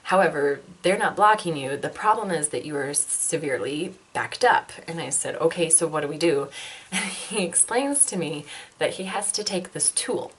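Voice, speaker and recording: A woman's voice: sits low, expressive, normal speed, a bit bright. A woman, likely in her twenties, telling a candid personal health story with self-deprecating humor and frequent laughter.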